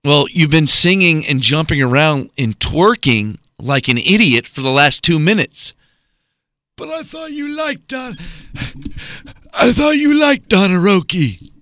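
A podcast co-host who sounds fed up with his partner. He scolds him in an exasperated, deadpan tone. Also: fairly high pitch, unhurried. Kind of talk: comedy podcast banter.

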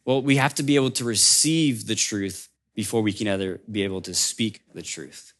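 A man preaching a sermon as a pastor, in a conversational storytelling way that drops soft for emphasis. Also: lowish voice, normal speed.

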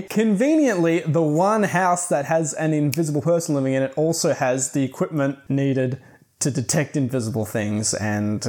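A man's voice: medium pitch, a little mellow. A young man giving a casual, rambling book review full of restarts and filler words.

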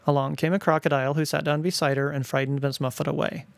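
A middle-aged father reads his own stories aloud with a wry, playful touch. His voice is fairly high for a man with a gravelly edge, captured close and dry with no room around it. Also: level tone, fast, no room sound. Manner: wry, gently playful narration. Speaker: storyteller, father.

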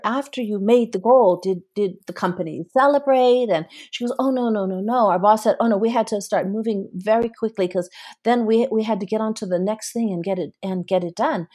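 A woman's voice: on the high side, a little mellow. A woman therapist as a podcast guest, telling client stories in conversation and acting out their dialogue. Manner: storytelling, acting out client dialogue, frequent laughs.

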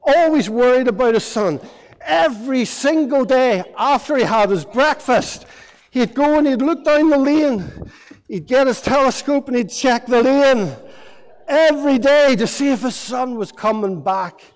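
High-voiced preacher in an echoey hall. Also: male voice, unhurried. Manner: lively, playful storytelling to children. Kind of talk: all-age sermon storytelling. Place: church.

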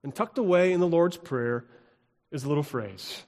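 A man's voice: a little high, expressive, normal speed. Emphatic male pastor in a reverberant sanctuary. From United States. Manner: emphatic, building to loud exclamations. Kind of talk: sermon. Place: church sanctuary. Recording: long reverb of a church hall.

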